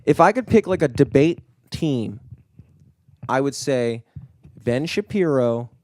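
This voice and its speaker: A man's voice: mid-range voice, lively intonation, takes it slowly, darkish tone, no echo, clean studio sound. A man co-hosting a podcast in casual chat, rambling and swearing, with lots of filler words. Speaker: podcast co-host. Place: studio.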